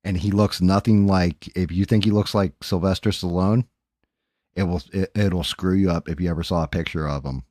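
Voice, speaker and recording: A man's voice: low-pitched, fairly even intonation, moderate pace, a little mellow, no room sound, studio quality. A man hosting a casual livestream, talking in a profane, rambling, off-hand way. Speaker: streamer and host. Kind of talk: casual livestream chat while painting.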